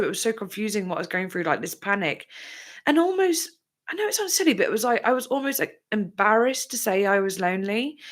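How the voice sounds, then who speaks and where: A young woman hosting a live chat with viewers, talking candidly and emotionally, close to tears at times, with lots of fillers. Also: medium pitch. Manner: candid, rambling, frequent fillers, breaks into laughs and tearful bursts. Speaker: livestream host chatting with viewers.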